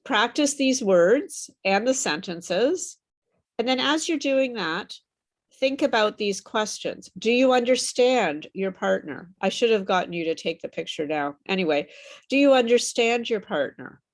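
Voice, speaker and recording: Over a video call, a woman teaches an online English pronunciation class, patiently repeating and modeling words slowly. Her slightly high, expressive voice sounds a little worn, and she says she is losing it.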